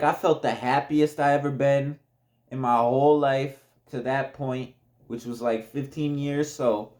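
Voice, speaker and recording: A young man spinning a storytime for his viewers in a relaxed, slow drawl. His voice sits a little higher than most men's, and he keeps it chatty, laughing often and talking straight to the audience. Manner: laid-back, chatty, laughs often, addresses viewers as y'all. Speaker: vlogger telling a story. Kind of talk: casual storytime.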